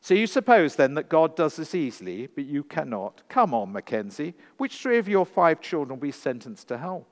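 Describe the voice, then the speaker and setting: A man reading as a calm, probing wise woman. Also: a little high, moderate pace, hardly any pauses, pitched above the performer's own voice. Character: calm wise woman questioning a grieving father. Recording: long reverb in a church hall.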